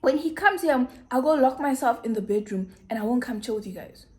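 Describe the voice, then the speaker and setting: A young South African woman in her twenties telling a personal story on her vlog, acting out both sides of the conversations and dropping to a low murmur at serious moments. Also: expressive, fairly quick, darkish tone. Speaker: YouTuber.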